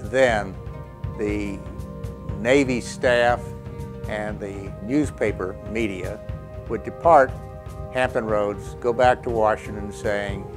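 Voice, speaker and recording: A man speaking in a documentary interview, retelling events in an unhurried explanatory way with occasional restarts. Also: fairly low pitch. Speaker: interviewed expert.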